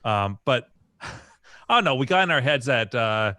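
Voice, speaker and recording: A man's voice: medium pitch, very animated, moderate pace, sharp tone, dry recording. A man co-hosting a podcast, telling a childhood story in a laid-back, chuckling way. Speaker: podcast co-host. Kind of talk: casual storytelling.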